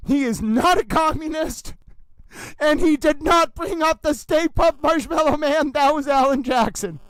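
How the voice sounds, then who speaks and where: High-voiced playful man streaming. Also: a bit bright, clean tone, no echo. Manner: playful, theatrical, emphatic declarations. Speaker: livestream host. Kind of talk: casual livestream chat.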